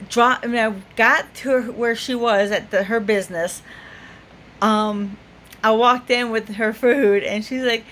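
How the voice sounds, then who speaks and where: A woman's voice: on the high side, steady tone, unhurried, fairly bright tone, a little hiss or hum. A woman vlogger telling a story to the camera in a casual way, laughing often and full of fillers. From United States.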